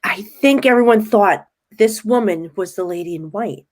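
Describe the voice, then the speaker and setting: Her voice is mid-range and her pace moderate. In a casual podcast interview, this guest medium shares her experiences with animated storytelling, acting out other people's words as well as her own.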